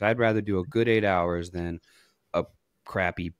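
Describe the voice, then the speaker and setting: Male podcast host, deep, relaxed, rambling storyteller, dry close sound. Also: normal speed, clean tone, no room sound. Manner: rambling, self-interrupting storyteller. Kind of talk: casual interview chat.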